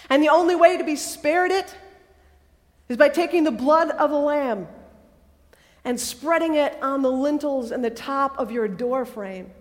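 Woman preacher, high voice, lively conversational sermon, echoing hall. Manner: lively, conversational, acts out quotes. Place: chapel or hall.

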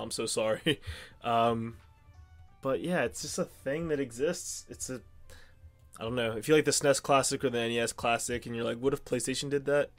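A young man from the Pittsburgh area co-hosting a podcast, rambling casually with lots of ums and restarts. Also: mid-range voice. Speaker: podcast co-host. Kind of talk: casual chat.

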